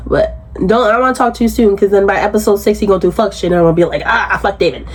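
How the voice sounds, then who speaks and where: Husky, blunt woman ranting in a recap. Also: racing. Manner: blunt, profane, animated, jumps into high outraged pitch when incredulous. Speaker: reality show recapper. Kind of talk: casual recap commentary.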